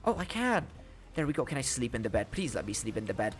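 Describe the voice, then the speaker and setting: Excitable young man playing a game. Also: mid-range voice, quick pace. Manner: excitable, panics and pleads loudly in danger; casual slang, says "dude" and "mate". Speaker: gaming YouTuber. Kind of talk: gameplay commentary.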